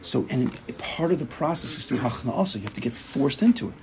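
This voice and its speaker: With a creaky, gravelly, darkish voice of medium pitch, a rabbi teaches Torah at a quick pace, expressive and emphatic. To argue his points he keeps slipping into brief quoted inner voices. The audio is poor, with a faint hiss beneath it.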